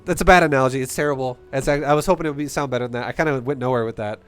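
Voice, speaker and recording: Guy coaching a replay, swears a lot, gets worked up, average pitch voice. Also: very fast, fairly bright tone, clean tone. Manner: blunt, profane, passionate. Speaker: StarCraft coach.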